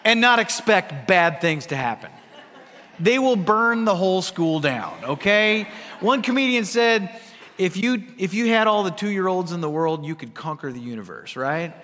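A man preaching a sermon as pastor, swinging between hushed asides and loud emphatic lines, with humor. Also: sits high, big pitch swings, moderate pace. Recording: long reverb of a large hall.

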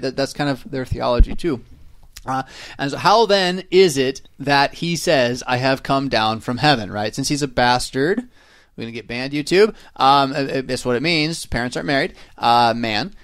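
In a casual Bible study chat, a podcast host with a smooth, slightly bright mid-range voice teaches a passage at a moderate pace, using many fillers and tag questions like "right?". It's studio quality with no echo.

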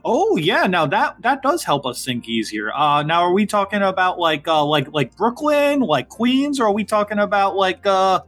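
A man puts on a cheery Midwestern father from a tabletop game, his voice pitched well above his own. He drawls in a folksy, halting way. His words trail and restart as he thinks aloud. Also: sing-song, fairly bright tone, soft background music, heavily acted. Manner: hesitant folksy drawl, high and stretched. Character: folksy Midwestern dad, middle-aged hobby tinkerer.

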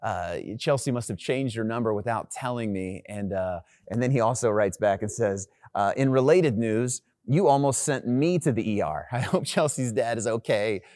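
A young adult man, a pastor, telling a personal story in a sermon in an animated, conversational way with many fillers. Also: medium pitch, normal speed, few pauses, no echo, studio quality. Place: online church gathering recording.

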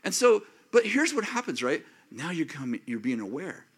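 A man of fifty or older preaching a sermon as pastor, acting out prayers and inner thoughts in an animated way. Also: a little high, normal speed, breathy edge. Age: 50s or older.

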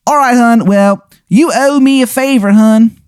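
A man voicing a creepy reborn male menace in a high falsetto drawl who calls people hun. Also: measured pace, darkish tone, clean tone, dry recording, clean studio sound. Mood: wheedling.

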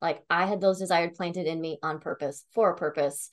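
A woman's voice: lowish voice, fairly even intonation, moderate pace. Chatty young woman telling a story. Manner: chatty, heavy use of "like" and "um", swears casually. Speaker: tarot reader. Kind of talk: casual personal storytelling.

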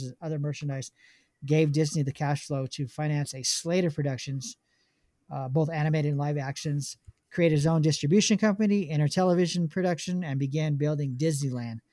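A man's voice: fairly high pitch, warm tone, no room sound. A man hosting a casual podcast chat, reading film notes aloud with many ums and restarts. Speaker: podcast host.

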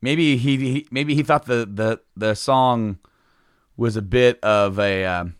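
Male podcast host, rambling casual chat, dry close sound, mid pitch. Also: takes it slowly, clear, resonant tone, no room sound. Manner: rambling, many restarts and fillers.

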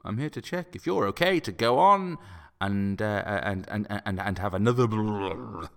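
A man's voice: lowish voice, lively intonation, a little slow, vocal fry, fairly bright tone. A man performing a scripted comedy sketch in a flustered, stammering way. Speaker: comedy podcast regular.

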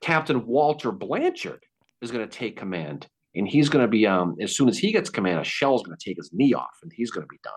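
A man hosting a podcast, telling a Civil War battle story in a casual, animated way. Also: fairly low pitch, a little fast, slightly rough. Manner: animated, acts out quotes. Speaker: podcast host.

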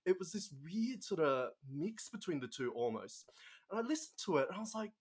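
A man's voice: high-pitched, big pitch swings, fairly quick, slightly rough. A young man from Australia with an Australian accent, telling a story as a guest in casual conversation, chatty with many fillers.

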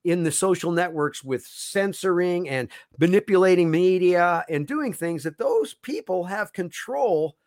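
A man's voice: high-pitched, lively intonation, a little slow, hardly any pauses, darkish tone, no room sound, clean studio sound. A man as a podcast guest, explaining his concerns earnestly at length, often restarting his sentences. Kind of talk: casual interview chat.

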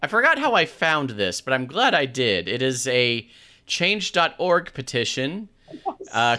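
A man's voice: mid-range voice, pushed and bright. A man co-hosting a podcast in casual chat, laughing often and reading aloud with amusement. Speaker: podcast co-host.

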